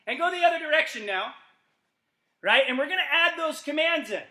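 Upbeat coach in an echoey gym. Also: male voice, very high-pitched, a little fast. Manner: energetic, shouts commands and playful yells. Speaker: gymnastics coach. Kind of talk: live-streamed kids' exercise class. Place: empty gym.

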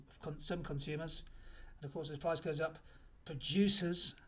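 A man teaching an economics revision lesson, walking through multiple choice answers in an explanatory manner and stressing the key points. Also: medium pitch. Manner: explanatory, emphatic on key answers, occasional restarts.

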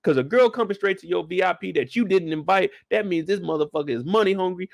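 Brief: outspoken male reviewer, high tenor, dry close sound, blunt and profane, animated rant. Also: quick pace, vocal fry, no room sound. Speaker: show reviewer. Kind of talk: ranting show commentary.

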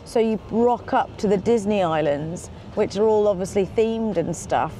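An excitable, chatty woman vlogging from a moving car, swearing casually as she talks. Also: mid-range voice, moderate pace. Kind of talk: casual road-trip chat. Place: in a car on the road. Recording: road noise behind. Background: car and road noise.

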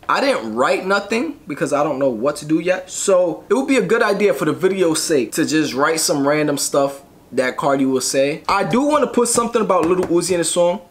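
A young creator chatting casually through a home music session, rambling and poking fun at their own attempts. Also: mid-range voice. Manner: rambling, self-mocking, quick to laugh. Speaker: creator showing a beat session. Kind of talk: casual tutorial chat.

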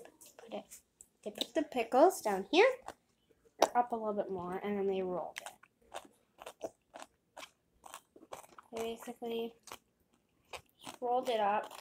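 A young girl hosting a casual food-tasting vlog, chatty and excited, getting loud when she tastes. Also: medium pitch, slight background noise. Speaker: vlogger.

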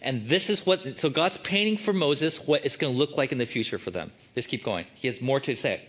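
A man's voice: mid-range voice, sing-song, a little fast, a bit bright. A man preaching a sermon as the church's pastor, in a casual, joking and conversational way.

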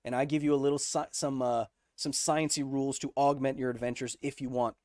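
A man in his thirties hosting a live stream, reading chat questions aloud and explaining science in an energetic way. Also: medium pitch, brisk, no room sound, studio quality. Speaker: host.

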